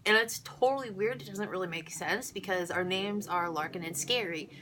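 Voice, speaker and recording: A woman in her thirties telling a story casually to camera, animated and rambling, laughing often. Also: medium pitch, moderate pace, slight background noise.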